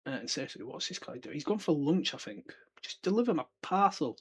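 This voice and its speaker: A man's voice: fairly high pitch, lively intonation, brisk, a little hiss or hum. Chatty British man in his twenties. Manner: rambling, chatty, swears casually, frequent fillers. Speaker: podcast host. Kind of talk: casual book discussion.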